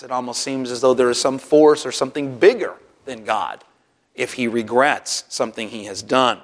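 A man preaching a sermon to his congregation, animated, often rising sharply in pitch and loudness to stress a point. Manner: animated preaching, voices Bible figures with sarcasm; rises sharply in pitch and volume for emphasis. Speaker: pastor.

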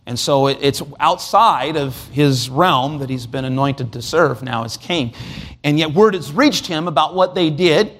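A man's voice: on the high side, a little slow, fairly bright tone. A man preaching an expository sermon, asking rhetorical questions and reading scripture aloud. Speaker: pastor.

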